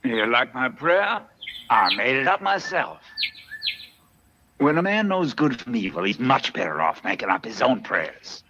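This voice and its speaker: A man's voice: medium pitch, sing-song, unhurried, bright, forceful tone. An actor playing a smug, self-righteous male plantation owner who prays aloud in a dubbed film. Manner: self-satisfied, preaching prayer. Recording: dull lo-fi film audio with noise.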